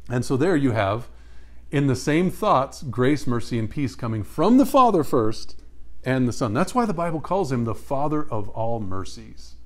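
Male Bible teacher, mid pitch, emphatic, quizzes his class on scripture. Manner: emphatic, asks the audience questions and repeats answers.

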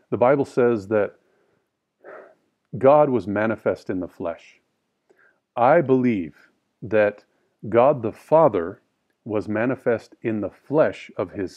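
Lower-voiced man teaching a Bible lesson. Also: darkish tone, lo-fi sound. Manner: reads verses slowly and emphatically, explains in plain casual talk. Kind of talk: scripture study lesson.

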